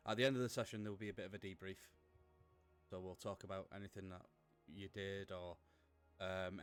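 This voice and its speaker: A man narrating as game master, rambling and correcting himself as he goes. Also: low-pitched.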